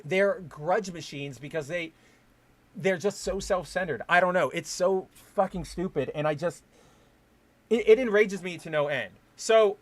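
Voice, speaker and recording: A man's voice: a little high, a bit bright. A man hosting a podcast, ranting heatedly in a casual style, swearing and restarting his sentences. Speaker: podcast host.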